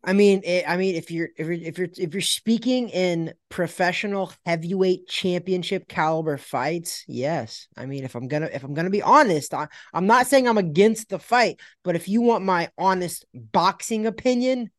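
A man's voice: high-pitched, normal speed, few pauses, no echo, clean studio sound. A man hosting a casual podcast, giving blunt opinions with emphatic stress and many stumbling restarts. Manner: emphatic, stumbles and restarts when making a point. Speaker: podcast host and boxing pundit.

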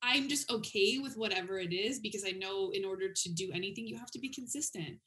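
A woman in her thirties hosting a podcast, talking casually and quickly with many fillers. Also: mid-range voice, sharp tone. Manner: chatty, fast, lots of "like" and "you know". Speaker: podcast host. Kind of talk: casual interview chat.

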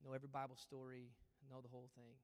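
A man preaching a sermon as pastor, moving between loud emphatic lines and hushed, almost whispered ones. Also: mid-range voice, monotone, fast. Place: church auditorium. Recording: long reverb of a large hall.

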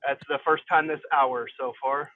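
A man calling into a talk show, chatting casually with a dry, deadpan humor. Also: medium pitch, normal speed. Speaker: caller. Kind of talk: casual chat. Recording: dull lo-fi call line.

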